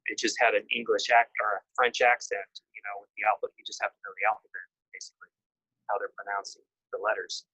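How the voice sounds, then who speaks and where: A man talking casually in a group chat, excited and rambling, tossing out his own theories and the odd swear word. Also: on the low side, fast, husky, dry recording, poor audio.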